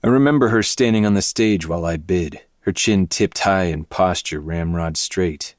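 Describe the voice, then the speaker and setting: A man reading a dark novel aloud in first person, with low, intense, brooding delivery. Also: moderate pace, dry recording, clean studio sound. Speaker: podcast host reading a novel.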